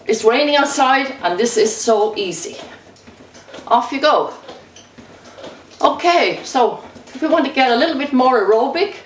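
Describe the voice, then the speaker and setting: A woman's voice: fairly high pitch, a little hiss or hum. Cheery woman fitness instructor, bit breathless from bouncing, echoey room, mic kinda far off. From Ireland. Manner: upbeat, encouraging, talks while bouncing. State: slightly out of breath. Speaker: exercise instructor. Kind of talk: exercise demonstration. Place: indoors at home.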